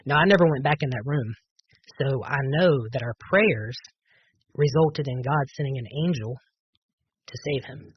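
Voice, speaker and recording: A man's voice: mid-range voice, moderate pace, husky, no room sound, muffled recording. A man on a podcast telling a personal testimony, earnest and full of fillers and restarts. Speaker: podcast guest.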